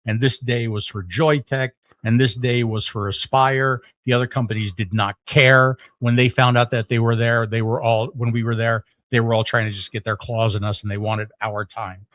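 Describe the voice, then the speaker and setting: A middle-aged man, a podcast guest, telling a story in casual conversation, animated, with lots of fillers and restarts. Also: medium pitch, moderate pace, few pauses, no echo.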